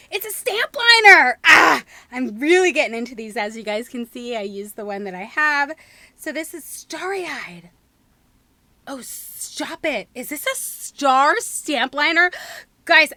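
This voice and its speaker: A woman hosting a casual unboxing vlog, bubbly and squealing with excitement as she talks to her viewers. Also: high-pitched. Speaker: YouTube host.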